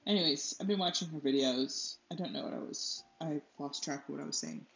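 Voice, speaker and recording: A woman's voice: low-pitched, a little fast, creaky, fairly bright tone. A woman chats casually as she paints, drifting from one thought to the next and laughing at herself when she loses track. The room sounds roomy and the audio a bit dull, with faint music underneath. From United States. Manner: rambling, loses her train of thought, laughs often. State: allergies. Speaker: artist and channel host. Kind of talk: casual chat while painting.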